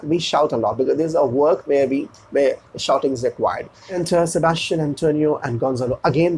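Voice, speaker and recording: Very husky man explaining a play. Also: a little mellow, low-quality recording. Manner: repetitive, restarting phrases while explaining; reads quoted lines in a raised, emphatic pitch. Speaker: English literature teacher. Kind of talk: line-by-line text explanation.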